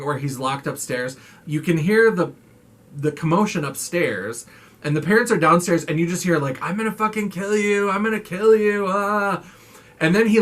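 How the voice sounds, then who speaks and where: Animated, foul-mouthed horror reviewer. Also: male voice, a little high. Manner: animated, profane, acts out movie lines. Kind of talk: casual movie review recap.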